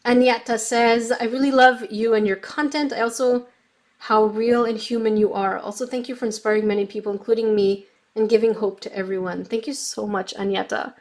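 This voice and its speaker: A young adult woman, a craft YouTuber, chats casually on a livestream, reading viewer comments aloud while testing markers. Her voice is on the high side, brisk, with fairly even intonation, and she coughs slightly from bronchitis.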